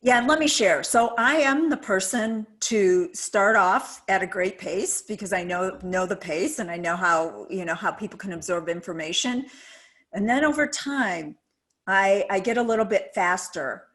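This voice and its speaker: A woman on a video call giving earnest, emphatic coaching on public speaking. Her voice sits at a middle pitch, and her delivery is encouraging. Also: normal speed, fairly bright tone. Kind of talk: webinar advice talk.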